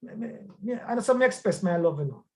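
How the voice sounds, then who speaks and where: A man's voice: high-pitched, lively intonation, quick pace. A man putting on the voice of a stubborn man who shows love but won't say it, in clipped patois.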